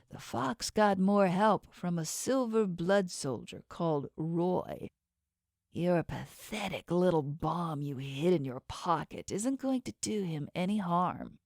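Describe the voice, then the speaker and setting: A woman uses an exaggerated voice to play a shark-toothed, inhuman male boss in an audiobook, talking down with cold menace and condescension. Her voice is lowish, slow, a little mellow, and lively in intonation, captured as a dry studio-quality recording.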